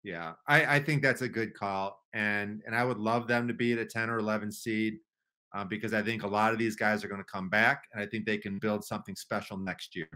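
A man co-hosting a sports podcast, talking through his views in a measured, casual way. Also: lowish voice, steady tone, pushed and bright. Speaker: podcast co-host and analyst.

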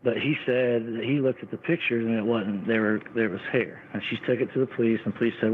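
Brief: male caller, rambling casual storyteller, mid-pitched, heard over a tinny phone line. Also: steady tone, quick pace, hardly any pauses, a little hiss or hum. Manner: rambling, restarts and quotes neighbors. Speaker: caller telling an encounter story.

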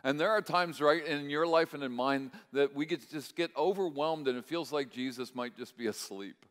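A male pastor preaching a sermon, telling a story and checking in with the congregation, moving between hushed moments and impassioned, louder stretches. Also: a little high, normal speed. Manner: swings from hushed to loud, impassioned. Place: church sanctuary. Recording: long reverb of a large hall.

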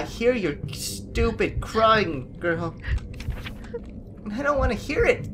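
A woman gives horror game commentary at an unhurried pace, her fairly high voice swinging widely in pitch. She grumbles, curses and talks under her breath. The recording has clear background noise and keyboard typing. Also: expressive. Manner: frustrated, swearing, muttering to herself. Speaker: gaming video creator.

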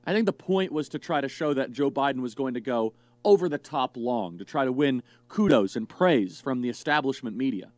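A man giving political commentary in a sarcastic, mocking, animated way. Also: medium pitch, a little fast, no echo. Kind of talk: commentary clip.

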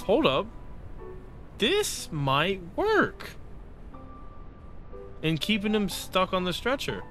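A young man doing let's play commentary, excitable and sarcastic, pleading and shouting at the game as he plays. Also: on the high side. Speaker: gaming YouTuber.

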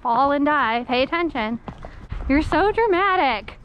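A woman's voice: high-pitched, lively intonation, a little slow, noisy background. A young woman vlogging casually while riding a horse on an outdoor trail, chatty and giggly, teasing her horse, recorded on an action camera. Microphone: helmet or body-mounted action camera.

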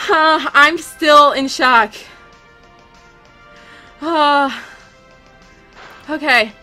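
A young woman live-streaming a game, rapidly thanking viewers and shaking with excitement. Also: high-pitched, soft background music.

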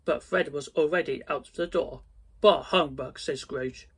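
A man reading a storybook aloud slowly and carefully, with small slips. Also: on the high side, a bit bright, breathy edge.

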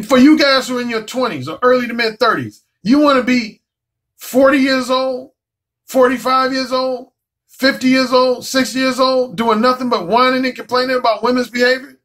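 A male dating coach with a notably high voice lectures his audience head-on. He is blunt and profane, and he preaches with rhetorical questions. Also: steady tone, normal speed, a bit bright. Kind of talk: blunt vlog monologue.

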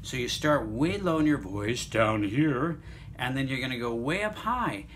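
An encouraging man teaches a music class online and talks his students through each exercise step by step. His voice sits at a middle pitch for a man. A faint hiss of noise runs under the recording. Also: lively intonation, a little slow, fairly bright tone.

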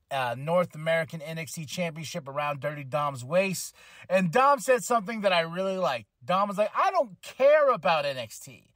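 A man hosting a casual wrestling podcast, telling animated stories with laughs and acted-out quotes. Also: fairly high pitch, no room sound, studio quality. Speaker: podcast host. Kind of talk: casual wrestling recap chat.

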